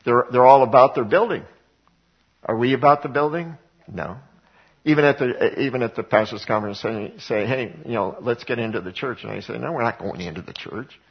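Here the pastor has a mid-range voice with a breathy edge and a brisk pace. He addresses the congregation in the sanctuary conversationally, asking one rhetorical question after another. The audio is dull.

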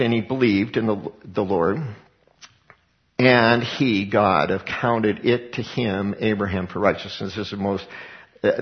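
Older man preaching, gravelly voice. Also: mid-range voice, lo-fi sound. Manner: conversational Bible teaching with personal asides and laughs. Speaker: pastor. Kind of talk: sermon.

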